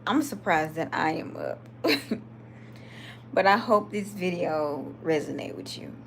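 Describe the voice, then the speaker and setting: A woman's voice: sits low, a little slow, creaky, slight background noise. A woman from Georgia with a Southern accent, chatting casually and reading comments during a late-night live video. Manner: chatty, lively, laughs often.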